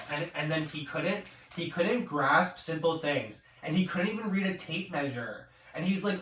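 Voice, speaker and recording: A man venting in a profane rant, swearing constantly and rising to angry shouts. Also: on the high side, normal speed. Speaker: vlogger. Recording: echoey room, far from mic, noisy.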